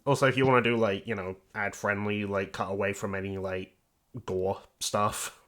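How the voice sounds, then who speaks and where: A man's voice: fairly low pitch, little pitch movement, normal speed, a bit bright. A man hosting a podcast in casual chat, explaining a guessing game with lots of fillers. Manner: loose, filler-heavy, explaining. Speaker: podcast host running a quiz game.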